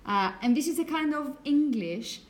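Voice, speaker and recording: A woman's voice: high voice, lively intonation, normal speed. Chatty woman teacher in a classroom. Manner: chatty, apologetic, asks the class questions. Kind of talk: classroom lecture.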